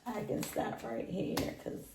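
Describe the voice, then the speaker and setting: A woman reads tarot cards in an unhurried, drawn-out way, addressing the listener directly and circling back to the same lines again and again. Her voice carries a roomy echo, with faint noise underneath. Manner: repetitive, speaks straight to the listener. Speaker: tarot reader. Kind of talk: casual tarot reading to camera. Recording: roomy echoey room.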